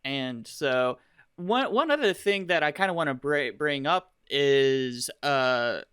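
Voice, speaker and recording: Bright, clear man in dry sound. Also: mid-range voice, expressive, slow pace, dry recording. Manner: affirming listener, hesitant restarts when explaining. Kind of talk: casual podcast chat.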